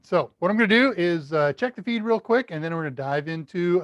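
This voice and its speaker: A man from the United States runs a casual live Q&A, reading viewer comments and chuckling at his own quips. His voice sits a little high. The audio is dull and lo-fi, close and dry. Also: animated, brisk, hardly any pauses, fairly bright tone, dry recording. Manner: chatty, self-deprecating, laughs at own jokes. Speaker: livestream Q&A host.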